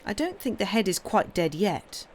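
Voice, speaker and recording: A woman voicing a timid, tender-hearted small boy who speaks softly and earnestly. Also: mid-range voice, very animated, normal speed, a little hiss or hum, lightly acted.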